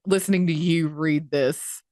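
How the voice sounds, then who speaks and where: A woman's voice: deep voice, steady tone, unhurried, mellow, dry recording, clean studio sound. A woman co-hosting a podcast, talking in casual chat with an incredulous, exasperated manner and casual swearing. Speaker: podcast co-host.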